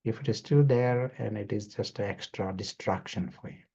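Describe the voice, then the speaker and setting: A man with a low, gravelly, husky voice leads an online session at an unhurried pace. The sound is dull and lo-fi, like an online call. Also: dark tone. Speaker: session host. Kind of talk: presenting videos in an online session.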